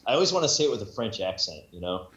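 A man's voice: on the low side, sing-song, racing, a crowd in the background. Rambling man in an echoey room. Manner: rambling, many restarts, self-mocking. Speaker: audiobook narrator guest. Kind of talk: casual podcast chat. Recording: echoey room, dull lo-fi sound.

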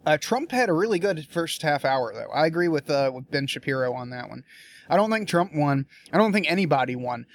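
Young guy ranting, swears a lot, blunt and fed up, voice a bit high, keeps restarting sentences. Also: very animated, brisk, slight background noise. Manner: profane, blunt and exasperated, with frequent restarts. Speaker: political commentator. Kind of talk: casual political rant.

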